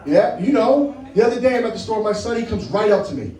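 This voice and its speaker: A man with a high voice delivers stand-up in short, punchy beats, teasing and checking in with "right?". The sound is roomy and echoey, and the mic is a bit far from him. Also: lively intonation, quick pace, warm tone. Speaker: stand-up comedian. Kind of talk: stand-up set.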